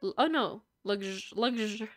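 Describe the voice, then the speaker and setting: A woman's voice: mid-range voice, slow, no room sound. A woman streamer chatting casually with her viewers while playing a game, rambling and talkative. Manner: rambling, chatty, talks to chat. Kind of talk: casual live-stream chat while gaming.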